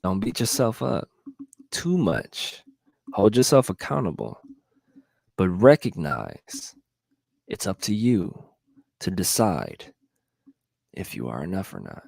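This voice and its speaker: A man's voice: low-pitched, sing-song, slow pace, creaky, long pauses, darkish tone, no echo, clean studio sound. A middle-aged man hosting a motivational live talk, earnestly urging his viewers and repeating his points. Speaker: motivational livestream host.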